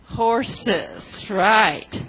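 A woman leading a children's sermon, telling a story gently and asking the children questions. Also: medium pitch, very animated, drawn-out words, slightly rough, low-quality recording.

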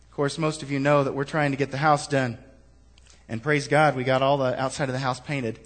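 Speaking briskly in a medium-pitched, level voice, a man delivers a sermon as pastor. He reads scripture aloud, challenges his congregation with rhetorical questions, and moves from hushed asides to emphatic, building lines.

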